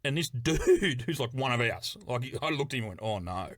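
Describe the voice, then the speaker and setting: Bright-voiced, sweary man. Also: medium pitch, fairly quick, dry recording, clean studio sound. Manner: animated, laughing, heavy swearing. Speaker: podcast guest. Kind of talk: casual podcast storytelling.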